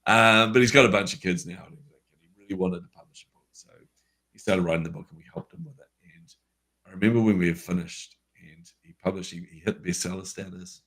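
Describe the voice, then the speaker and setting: Deep-voiced man telling earnest stories. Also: brisk, a bit bright. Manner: earnest storyteller, many fillers and restarts. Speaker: podcast co-host. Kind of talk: unscripted conversation on a call.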